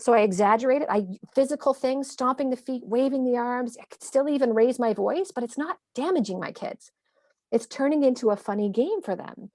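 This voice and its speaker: A woman in her thirties, a parenting coach, explaining in animated, quick conversation. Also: on the high side, no room sound, studio quality. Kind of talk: conversational interview.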